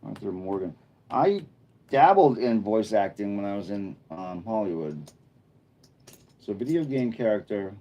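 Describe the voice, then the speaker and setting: Low, mellow-voiced man chatting on a live stream. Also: expressive, unhurried, long pauses, lo-fi sound. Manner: chatty, thinking aloud while reading viewer chat. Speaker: livestreamer. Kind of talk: casual live-stream chat. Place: indoor room under a bright studio light.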